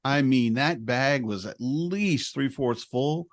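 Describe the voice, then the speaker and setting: A man in his forties, an American podcast host and father, telling a lively family story and acting out his son's lines, with frequent laughs. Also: medium pitch, slow, no room sound, clean studio sound. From United States. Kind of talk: casual chat.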